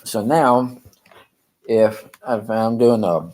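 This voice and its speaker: Man, very low voice, unhurried, rambling live-stream chat, lots of ums and restarts. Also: warm tone, poor audio. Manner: chuckles often between thoughts.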